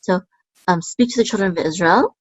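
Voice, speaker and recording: A woman teaching a Hebrew lesson, explaining patiently with many fillers and chanting words slowly. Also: on the low side, no room sound. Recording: dull, lo-fi sound.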